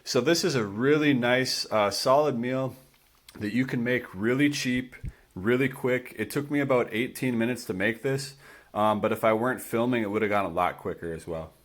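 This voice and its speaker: A man, a school gym coach, talking casually to his students in a home cooking vlog, relaxed and chatty, sometimes with his mouth full. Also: mid-range voice, normal speed.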